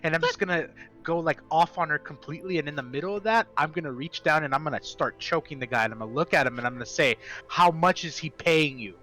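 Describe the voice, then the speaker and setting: A man's voice: on the high side, quick pace, sharp tone, faint music behind. A man playing a tabletop game, talking casually and eagerly. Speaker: player.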